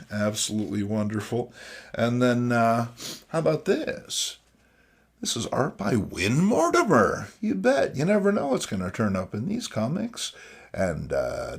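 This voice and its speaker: A man's voice: mid-range voice, gravelly, breathy edge. A man hosting a casual, jokey review of old comics, full of sardonic asides and "you know what I mean.". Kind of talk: casual comedic commentary.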